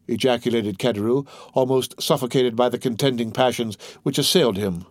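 A man narrating an audiobook in an even, steady reading manner. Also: mid-range voice, fairly quick, few pauses, dry recording, studio quality.

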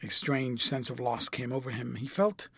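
A man reading a classic novel aloud as an audiobook narrator, in a measured, even way. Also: medium pitch, creaky, husky, no echo.

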